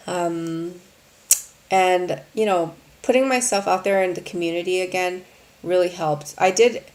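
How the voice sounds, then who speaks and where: A woman's voice: fairly low pitch, darkish tone. A woman hosting a live Q&A, speaking earnestly to her viewers in a rambling way, full of "um" and "you know". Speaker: host of a live Q&A stream. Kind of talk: candid casual talk to viewers.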